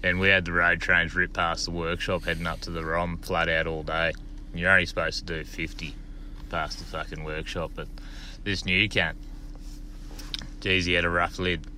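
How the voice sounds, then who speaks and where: A man's voice: low voice, flat delivery, moderate pace, pushed and bright, slight background noise. An Australian man leaving a recorded voice message from his car, telling a crude yarn in a laconic way. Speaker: caller. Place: in a vehicle on the road.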